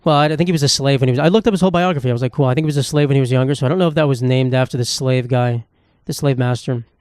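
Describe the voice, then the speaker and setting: A man's voice: medium pitch, rapid-fire, darkish tone, clear, resonant tone, dry recording, clean studio sound. A man hosting a solo comedy podcast, rambling in a casual, sarcastic and profane way. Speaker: podcast host.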